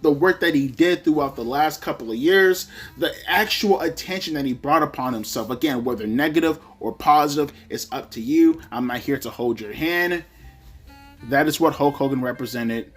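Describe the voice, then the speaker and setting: A man's voice: medium pitch, fairly bright tone. A man in the middle of his usual register hosts a wrestling countdown video. He talks casually and animatedly, tripping over repeated words and dropping casual swears, with faint music underneath. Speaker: wrestling list video host.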